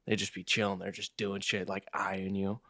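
Laid-back low-voiced guy, dry mic. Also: little pitch movement, moderate pace, pushed and bright, no echo. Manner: laid-back storytelling, heavy swearing, says dude a lot. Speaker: podcast co-host. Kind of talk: casual chat.

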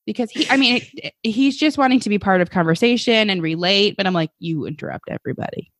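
A woman's voice: medium pitch, fast talker, no echo, clean studio sound. Candid, chatty woman podcast co-host. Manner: candid and chatty, laughs easily. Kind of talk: casual chat.

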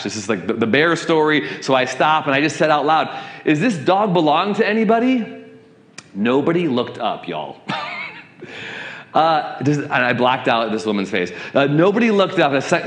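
Middle-aged male pastor, animated storyteller, sermon delivery, mid pitch, roomy church sound. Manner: animated storytelling, acting out quoted voices. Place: church sanctuary.

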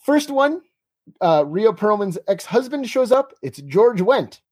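A man's voice: sits high, big pitch swings, darkish tone, husky, dry recording. A man co-hosting a podcast, chatting casually and wryly about old TV shows. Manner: chatty, wry, quick asides. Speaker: podcast co-host.

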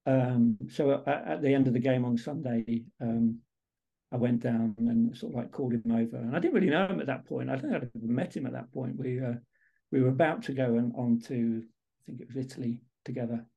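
Husky, gravelly man, halting. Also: mid-range voice, warm tone, dull audio. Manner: halting, many restarts and repeated words. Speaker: interview guest, baseball photographer. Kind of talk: casual podcast interview chat.

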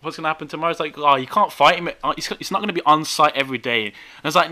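A young man with a Birmingham accent telling a story in animated, slangy casual chat, often laughing. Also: a little high, rapid-fire, few pauses. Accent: Birmingham English. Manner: animated, laughing, street slang, frequent tag questions. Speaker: guest storyteller.

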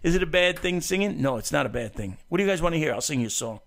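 Profane gravelly male call-in host. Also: on the high side, lively intonation, racing. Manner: profane, loud, crude joking. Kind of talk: casual call-in show banter.

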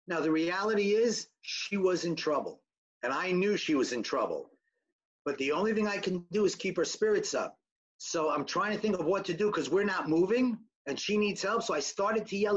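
Guy with a fairly high voice telling his story to a crowd, acts out the quotes, kinda dull lo-fi sound. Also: animated, moderate pace. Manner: earnest storyteller, acts out quoted dialogue with raised pitch. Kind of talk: personal testimony talk with slides.

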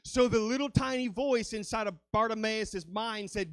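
A man's voice: high-pitched, moderate pace, dry recording. A man preaching a sermon as a guest speaker, fervent and dramatic, rising and falling as he acts out quoted lines.

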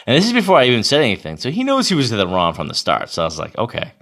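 A man's voice: mid-range voice, wildly swooping pitch, racing, fairly bright tone. A young man from Massachusetts, a beer league hockey goalie, ranting casually to camera with profanity and lots of fillers. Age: young adult.

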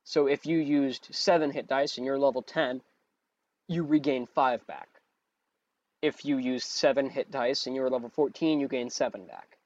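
A man's voice: mid-range voice, normal speed, darkish tone, muffled recording. A man running a tabletop game as game master, narrating scenes and patiently explaining rules, correcting himself as he goes.

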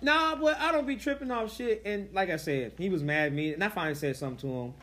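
A man's voice: high voice, quick pace, a bit bright. A young man casually telling a crude story among friends, acting out what other people said. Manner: crude, laid-back, acts out quotes.

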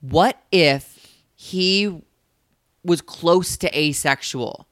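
Man podcast co-host, playful questioner, voice on the higher side, dry sound. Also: extremely slow, fairly bright tone, no room sound. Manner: playful, asks probing hypothetical questions. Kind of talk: casual chat.

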